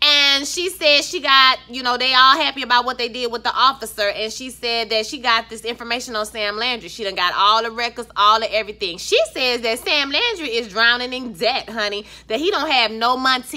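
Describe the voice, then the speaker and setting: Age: adult. Sex: woman. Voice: very bright and crisp, a little higher than most women. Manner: chatty, emphatic recap talk aimed straight at the viewers. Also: a little fast, hardly any pauses. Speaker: TV recap vlogger; schoolteacher.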